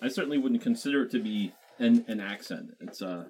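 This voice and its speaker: A man on a podcast chatting casually, halting and searching for words. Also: medium pitch, expressive, a little mellow, breathy edge. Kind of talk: casual chat.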